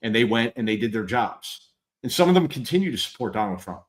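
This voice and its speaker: A middle-aged man, a former police officer hosting a live show, talking candidly and bluntly with halting repeats and swearing. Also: medium pitch, very animated. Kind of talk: candid conversational chat.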